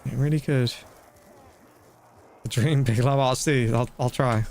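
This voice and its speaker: A man's voice: mid-range voice, steady tone, darkish tone. Chatty male gaming streamer. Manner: chatty, rambling, quick exclamations. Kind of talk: casual live-stream commentary.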